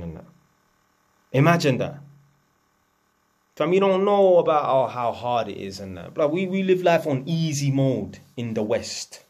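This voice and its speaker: A man's voice: medium pitch, expressive, normal speed. Blunt man ranting. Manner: blunt, profane, lecturing, slangy. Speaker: vlogger. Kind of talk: unscripted ranting monologue.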